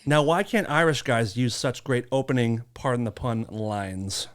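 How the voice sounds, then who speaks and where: A podcast co-host in casual chat, teasing and swearing freely with a deadpan edge. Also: mid-range voice, normal speed, clear, resonant tone.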